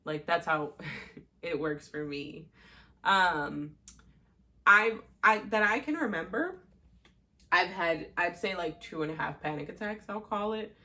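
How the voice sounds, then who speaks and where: A young woman with a somewhat low voice talks casually about her own life. She rambles through stories with lots of fillers and little laughs. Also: a little slow, long pauses, sharp tone. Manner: chatty, many fillers and laughs. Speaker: podcast host. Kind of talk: casual personal storytelling.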